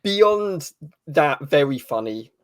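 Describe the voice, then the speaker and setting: A man's voice: a little high, very animated, slow, no room sound. A man being interviewed as an author, thoughtful and a bit hesitant, with dry humor. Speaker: author as guest. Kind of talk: casual interview answers.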